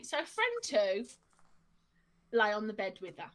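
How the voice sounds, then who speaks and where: A woman's voice: medium pitch, unhurried. A woman casually telling a funny anecdote on a stream, often laughing as she talks. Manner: laughs through her story, lively retelling. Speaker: storyteller on a stream.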